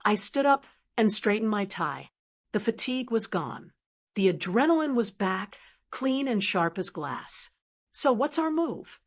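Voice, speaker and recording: A woman narrating a dramatic first-person story in a measured, scripted way. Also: medium pitch, big pitch swings.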